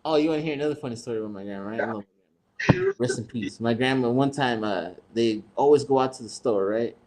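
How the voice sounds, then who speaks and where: A man's voice: medium pitch, fast talker, a little mellow, poor audio. A man telling funny family stories in casual podcast chat, swearing freely and laughing as he goes. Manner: acts out quoted people in raised voices. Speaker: podcast host. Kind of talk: casual storytelling.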